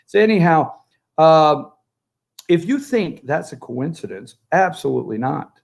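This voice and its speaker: Man, political commentator, gravelly voice, sarcastic and joking, talking from outside by a pool. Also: on the high side, big pitch swings, measured pace. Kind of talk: opinionated political talk. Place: outdoors by a pool, remote from the studio.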